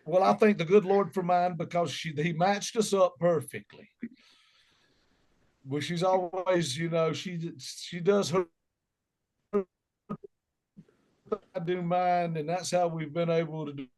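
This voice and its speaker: High-voiced Southern man, joking storyteller. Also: steady tone, a little slow, long pauses, a little mellow. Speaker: musician guest. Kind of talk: casual interview chat.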